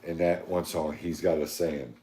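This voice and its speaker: A man's voice: extremely low pitch, fairly even intonation, normal speed, warm tone, slight background noise. A middle-aged man, co-hosting a podcast and telling a long rambling story in casual, profane chat, quoting himself with many "I said"s. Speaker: podcast co-host. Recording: echoey room.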